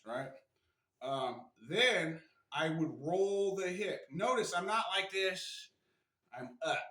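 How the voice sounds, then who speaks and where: On a camera mic in an echoey room, a male martial arts instructor walks through stretches in a relaxed, talkative way, sounding slightly strained and repeatedly ending lines with "right?". His voice is high-pitched and fairly bright.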